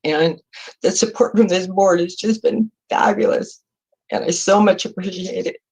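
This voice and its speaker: A woman's voice: mid-range voice, fairly even intonation, moderate pace, darkish tone, breathy edge, poor audio. A woman in her sixties from California, a retiring public defender giving heartfelt, emotional farewell remarks over a video call, close to tears.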